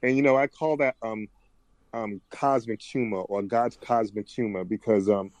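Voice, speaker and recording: A man's voice: fairly low pitch, fairly even intonation, moderate pace, a little mellow, no echo. A man guest on a podcast, talking in a reflective, rambling way with frequent restarts. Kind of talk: casual conversation.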